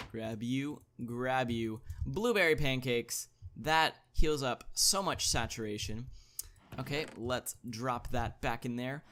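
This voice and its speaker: A man hosting a gaming video, thinking aloud as he plays, chatty, with excited interjections. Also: medium pitch. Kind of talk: casual gameplay commentary.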